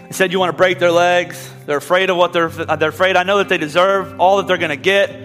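A man voicing a calm counselor offering to take another man's punishment. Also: sits high, brisk, in a large hall, faint music behind. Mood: resolute. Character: self-sacrificing male counselor.

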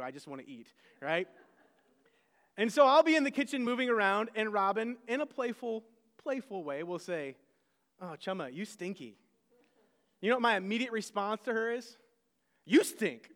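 High-voiced man preaching in a reverberant hall. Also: lively intonation, fairly quick, a bit bright. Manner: conversational preaching with self-deprecating asides. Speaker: pastor. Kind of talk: sermon.

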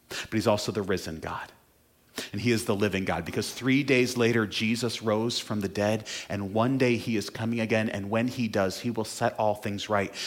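A pastor preaches to his congregation in a mid-pitched male voice. He drops to quiet, slowed phrases and then climbs to loud, stressed declarations. The delivery is heartfelt and rhythmic, built on repetition. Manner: preaching with swings from soft, slow lines to loud, emphatic ones. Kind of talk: sermon.

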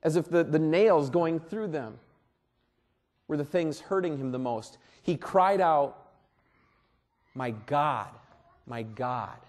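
A man preaching a sermon as pastor at a church service, earnest and deliberate, often repeating words. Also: on the high side, darkish tone.

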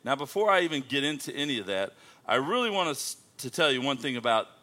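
A man's voice: medium pitch, very animated, fast, sharp tone. A man preaching as a guest missionary in a church, playful and joking with the congregation. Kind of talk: sermon opening with jokes. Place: church sanctuary.

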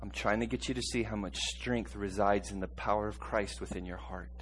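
A man's voice: fairly low pitch, steady tone, a little fast, a little hiss or hum. Impassioned male preacher. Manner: swings between quiet and shouted passages, chuckles often; calls on the congregation to repeat words. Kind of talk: sermon.

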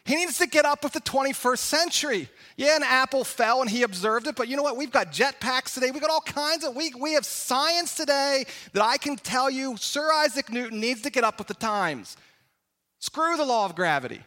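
A man's voice: extremely high pitch, moderate pace, in a large hall. A middle-aged man preaching a sermon, telling stories with comic asides and acting out voices. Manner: animated storytelling, acts out voices, comic asides. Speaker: pastor.

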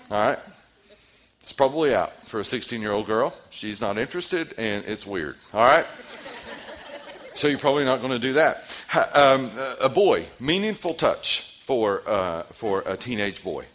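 A man in his forties leads a church parenting seminar in an interactive, animated way. His voice sits at a middle pitch but moves up and down a lot. He keeps throwing questions to the room and echoing the answers back. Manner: animated, asks the audience questions and repeats their answers. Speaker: pastor leading a parenting seminar.

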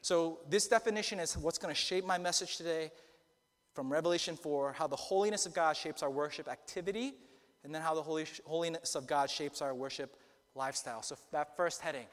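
Guy preaching a sermon, kinda high voice, emphatic, big echoey hall sound. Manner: earnest, emphatic preaching with slow stressed phrases. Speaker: pastor.

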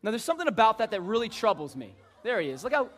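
Guy preaching, jokey and chatty, kinda high bright voice. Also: very fast. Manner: joking, conversational, lively. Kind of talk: informal sermon.

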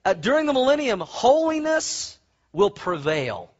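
High-voiced, husky preacher. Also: male voice, a little slow, muffled recording. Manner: animated, folksy storytelling with asides. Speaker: pastor. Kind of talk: sermon.

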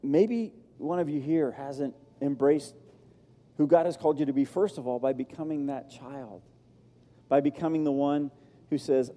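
A man's voice: a little high, normal speed, dark tone. A male pastor preaching a sermon with an emphatic, repetitive cadence. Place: church sanctuary. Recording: long hall reverb.

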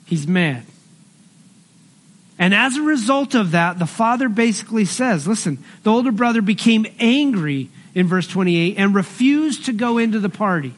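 A man's voice: high voice, expressive, normal speed. A middle-aged man preaching a sermon as pastor, earnest and conversational, mixing scripture with personal stories.

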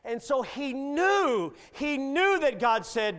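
A man's voice: very high-pitched, big pitch swings, slow pace, a bit bright. A middle-aged male guest preacher delivering a sermon in a folksy, joking manner.

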